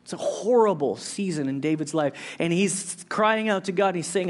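A man preaching a sermon as pastor, earnest and conversational, swinging between raised, driving stretches and quiet, slow reflection. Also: sits high. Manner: earnest, conversational delivery with frequent restarts.

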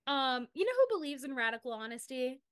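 A woman's voice: high voice, fast talker, clear, resonant tone. A woman with a Southern US accent co-hosting a podcast, chatting casually and reading texts aloud with animation. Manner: animated, reads texts aloud in mock voices. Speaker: podcast co-host. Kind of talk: casual recap chat.

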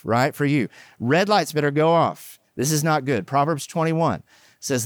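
A middle-aged man preaching a conversational sermon, mixing jokes and animated asides with scripture. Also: medium pitch, no echo, clean studio sound. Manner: joking, animated asides, chatty fillers. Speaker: pastor.

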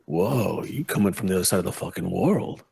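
A man's voice: low-pitched, animated, brisk, vocal fry, warm tone, breathy edge, pitched below the performer's own voice, heavily acted. A man playing a foul-mouthed, nosy Redcap. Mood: sardonic. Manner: swears freely, blunt and prying. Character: crude nosy male Redcap fae driver. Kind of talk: in-character tabletop role-play.

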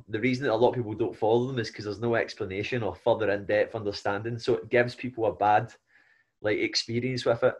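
A man hosting a casual podcast as a fellow coach, chatty and agreeable, building on his guest's points. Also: lowish voice. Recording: dull lo-fi audio.

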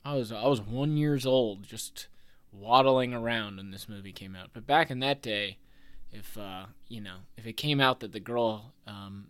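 A man's voice: fairly low pitch, normal speed, a bit bright, clear, resonant tone. A man in his thirties hosting a podcast, chatting casually with lots of fillers, restarts and wry asides. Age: 30s. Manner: rambling, filler-heavy, self-interrupting; wry, chuckles at his own jokes. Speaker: podcast host.

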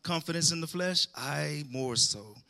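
A man's voice: fairly high pitch, measured pace, vocal fry, sharp tone. A man preaching a sermon, calling out to the congregation and rising into emphatic bursts.

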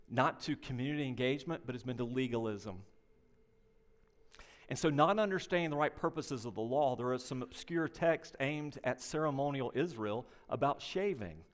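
An older man preaching a sermon, animated and conversational, telling anecdotes and addressing the congregation directly. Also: medium pitch. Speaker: pastor.

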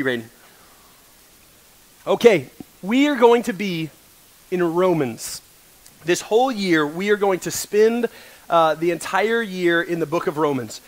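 A young man preaches to college students, his voice sitting a bit high. He speaks earnestly, gets emotional, and breaks the tension with self-deprecating jokes. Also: lively intonation, measured pace, long pauses. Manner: earnest, emotional, joking asides. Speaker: college ministry pastor. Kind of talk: sermon. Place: coffee shop worship service.

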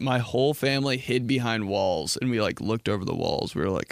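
A man's voice: a little fast, vocal fry, hardly any pauses, dry recording, clean studio sound. Rambling young man on a podcast. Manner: rambling, animated, heavy "like" filler, slips into jokey high put-on voices. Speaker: podcast host. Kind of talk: casual solo podcast chat.

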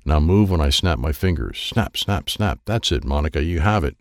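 A man's voice: rumbling low, expressive, moderate pace, no echo, studio quality. A man voicing a stern, patient male karate master who gives firm, instructive commands. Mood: firm instructing.

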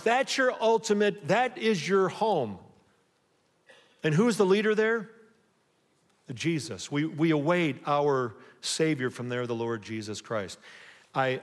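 Man preaching in an echoing church. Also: on the high side. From United States. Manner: call-and-response preaching, rising emphasis. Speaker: pastor. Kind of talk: sermon. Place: church sanctuary. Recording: long reverb of a church hall.

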